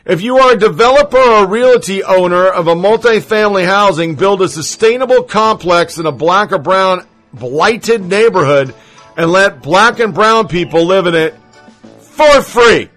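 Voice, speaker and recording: A man's voice: sits high, moderate pace, fairly bright tone, soft background music. A man putting on a preachy Southern older woman.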